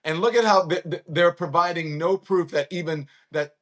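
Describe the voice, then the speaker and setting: Man, 50s, from Louisiana, political talk host, emphatic, reads chat aloud, somewhat high voice. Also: normal speed.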